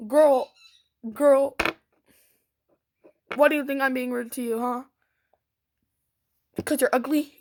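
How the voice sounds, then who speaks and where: A woman's voice: sits high, a little mellow. A teenage girl vlogger telling a storytime rant in a sassy, dramatic way, sometimes dropping into a whisper.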